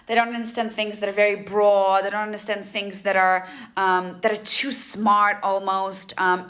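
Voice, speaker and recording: A woman's voice: mid-range voice, pushed and bright. A woman sales and mindset coach speaking straight to her audience, emphatic and blunt, repeating her points and giving casual advice. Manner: emphatic, repetitive, fast asides. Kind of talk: direct-to-camera coaching talk.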